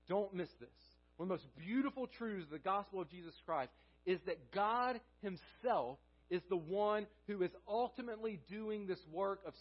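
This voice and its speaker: A man with a high voice preaches an earnest sermon in a church sanctuary. He circles back to key phrases and asks the congregation questions before answering them himself. The recording is dull and lo-fi. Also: breathy edge. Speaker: pastor.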